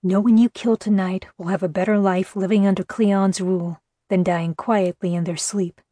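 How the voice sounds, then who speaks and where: A woman reading the lines of a grim, pragmatic male captor who talks in a steady, matter-of-fact way. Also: mid-range voice, moderate pace, dry recording, natural voice. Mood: cold.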